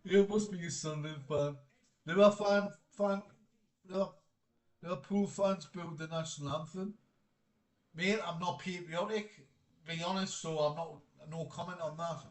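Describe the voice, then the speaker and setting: A man's voice: on the high side, fairly even intonation, moderate pace, reverberant. Joking Geordie man streaming football. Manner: laughing banter, reading chat aloud. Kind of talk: casual live-stream chat.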